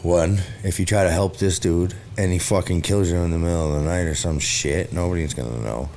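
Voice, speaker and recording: A man's voice: low voice, steady tone, fairly quick, a little mellow, slight background noise. A man hosting a podcast, reacting bluntly and profanely in casual chat. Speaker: podcast host.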